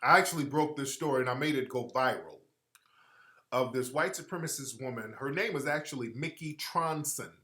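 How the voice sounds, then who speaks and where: A man hosting a casual talk show, telling a story in an animated way with frequent laughter. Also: mid-range voice, brisk. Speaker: radio show host. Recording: roomy echo.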